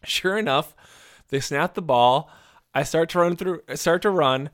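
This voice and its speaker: A man shares a funny memory in casual conversation. His voice sits somewhat high for a man, and he laughs his way through it while acting out the other people's lines. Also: measured pace. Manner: laughing, animated storyteller who acts out quotes. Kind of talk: casual storytelling chat.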